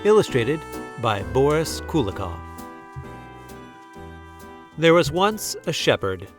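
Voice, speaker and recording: A man reading a children's story aloud in a slow, gentle, expressive way. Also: a little high, faint music behind. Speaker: storybook reader.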